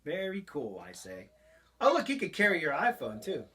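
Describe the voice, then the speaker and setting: At home, a father casually reviews a toy with his child, chatting, laughing often, and demonstrating each feature as he goes. His voice is a little high with huge pitch swings at a normal speed, and there's loud background noise.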